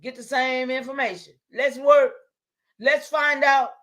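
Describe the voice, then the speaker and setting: A middle-aged woman, hosting a livestream and preaching to her viewers, excitable and calling out to them, breaking into shouts. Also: high voice, unhurried. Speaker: livestream host. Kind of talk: impassioned livestream talk.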